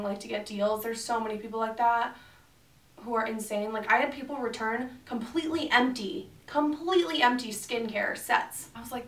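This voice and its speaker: A young woman tells a storytime vlog in a loose, chatty way, swearing freely as she acts out each exchange. Her voice sits a little high. It rings in an echoey room, picked up from a little way off the mic. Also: far from the mic. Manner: chatty, swears a lot, animated retelling. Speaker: beauty vlogger. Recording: roomy echo, voice a bit off-mic.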